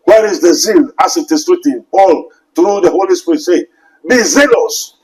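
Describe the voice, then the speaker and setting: Man, Ghanaian English accent, high-pitched, preaching, scripture quotes. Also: normal speed, a little mellow, low-quality recording. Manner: emphatic preaching with scripture quotes and rhetorical questions. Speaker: pastor. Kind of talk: sermon.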